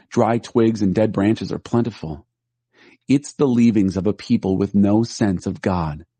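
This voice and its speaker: A man reads scripture aloud, steady and measured, in a low, dark voice. The recording is close and dry, with no room sound or echo.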